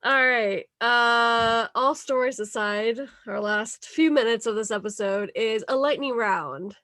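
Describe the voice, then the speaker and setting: A woman's voice: on the high side, measured pace, a bit bright, no echo, studio quality. Upbeat woman hosting a podcast. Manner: upbeat, laughs easily, leads the segments. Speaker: podcast host. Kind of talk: casual chat.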